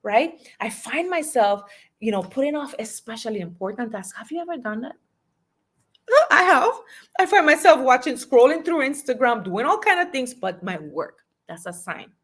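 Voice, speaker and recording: A woman's voice: high voice, very animated, normal speed, fairly bright tone, husky. A woman, a life and business coach, giving emphatic motivational podcast talk and urging listeners to repeat affirmations.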